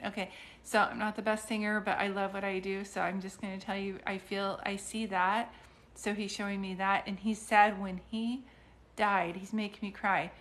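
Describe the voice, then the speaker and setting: A woman's voice: medium pitch, steady tone, normal speed, a bit bright. A middle-aged woman doing psychic readings on a live stream, talking in a chatty, rambling way with many restarts and fillers.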